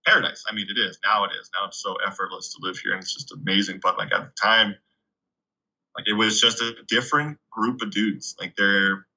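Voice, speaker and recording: Young man from Canada, guest, chatty storyteller, very bright, lowish voice, dull lo-fi recording. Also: brisk. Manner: chatty, fillers of 'like', animated retelling. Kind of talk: casual storytelling.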